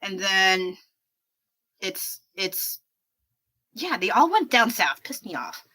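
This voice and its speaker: Very animated yet slow-paced, this woman's medium-pitched voice sounds pushed and bright in a low-quality recording. In her thirties, she paints on a livestream and chats with viewers, rambling and self-deprecating.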